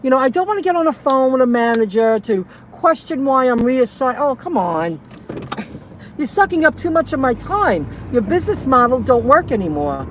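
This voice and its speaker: A woman's voice: sits high, big pitch swings, normal speed, slight background noise. A woman delivery driver ranting in a casual vlog, indignant and repeating herself as she vents.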